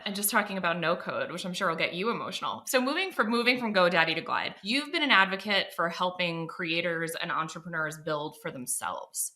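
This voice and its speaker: A woman hosting an interview podcast, bubbly and playful, firing off quick questions and reacting with enthusiasm. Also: on the low side, sharp tone. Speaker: podcast host. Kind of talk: casual interview chat.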